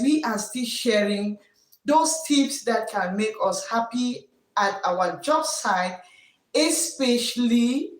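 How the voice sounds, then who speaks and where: A woman's voice: a little high, distant mic. Echoey woman teacher on a live stream. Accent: West African English. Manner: warm greetings to viewers, repeats words, preachy encouragement. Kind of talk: casual live-stream talk. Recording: echoey room, voice from off mic.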